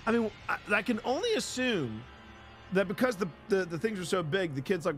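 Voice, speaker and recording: A man's voice: high voice, animated, a little slow, a bit bright, faint music behind. A man hosting a stream, casually reading weird news stories aloud and rambling through them with frequent laughs and restarts. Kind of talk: casual commentary.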